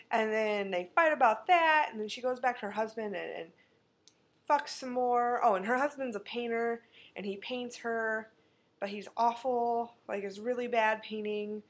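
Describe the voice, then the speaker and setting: Exasperated, rambling woman vlogger. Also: fairly high pitch. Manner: exasperated, rambling, profane, mocking. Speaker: vlogger reviewing a movie. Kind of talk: casual rant.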